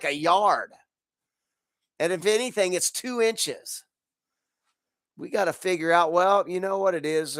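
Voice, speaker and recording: A podcast host rants about football, angry, exasperated and swearing, with bursts of laughter, his nose congested from allergies. His voice sits on the high side with vocal fry and a fairly bright tone. The recording is studio quality with no room sound.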